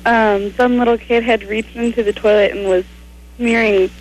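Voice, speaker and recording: A woman calling a radio show, telling a short story haltingly with ums. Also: on the high side, steady tone, a little hiss or hum, rough recording. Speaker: caller. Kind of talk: phone-in chat.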